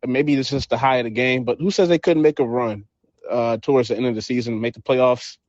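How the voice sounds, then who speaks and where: A man's voice: medium pitch, fairly even intonation, fairly quick, darkish tone, no room sound, dull audio. A man calling in to a live podcast, making his points casually and persuasively. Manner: persuasive, keeps saying "listen". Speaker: caller. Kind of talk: casual call-in chat. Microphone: live audio app.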